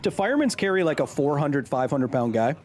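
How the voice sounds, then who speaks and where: A man's voice: a little high, sing-song, fairly quick, darkish tone, slight background noise. A man in his thirties hosting a casual live stream, joking while reading chat aloud. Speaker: streamer and host.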